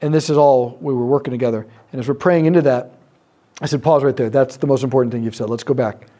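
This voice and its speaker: This man speaks at medium pitch with fairly even intonation and a warm tone while delivering a sermon-style talk on prayer ministry to a live group. Through storytelling, he acts out the voices of those in the tale and lets his pauses land.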